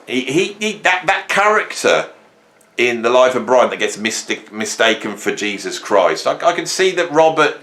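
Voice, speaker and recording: A man's voice: medium pitch, sing-song, normal speed, fairly bright tone. A man from England hosting a rambling comic monologue, joking and telling stories with sudden jumps in his voice. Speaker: host.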